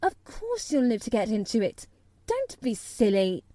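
A frank, stubborn young girl, put on by a woman reading aloud, speaking earnestly and bluntly in a raised, bright voice. The tone stays mellow and close, with a dry sound around it. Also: sits high, lively intonation, measured pace, no echo, voice pushed up. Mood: indignant. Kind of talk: storybook character reading.

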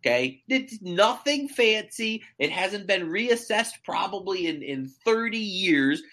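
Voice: medium pitch, animated, unhurried, pushed and bright. A real estate agent chatting casually as a podcast guest, telling stories animatedly with many fillers and restarts.

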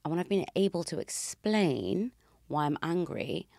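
A young British woman hosting a podcast, making her points in an emphatic, animated way. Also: lowish voice, unhurried, creaky, no echo, studio quality. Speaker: podcast host. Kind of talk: casual conversation.

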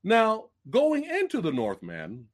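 A man podcast host speaks slowly while hosting a casual movie review livestream. Excitable and profane, he swings from loud outbursts down to low mutters.

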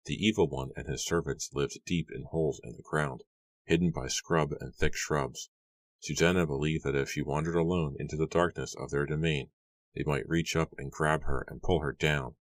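A man narrating a horror audiobook in a hushed, suspenseful storytelling manner. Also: extremely low pitch, fairly even intonation, moderate pace, no echo.

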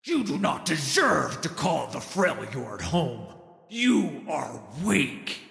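A man voicing a huge, ravenous ice tiger spirit that scorns the hero, with a gravelly, booming delivery and an echoing reverb effect. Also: big pitch swings, slow pace, fairly bright tone, faint music behind, heavily acted. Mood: scornful.

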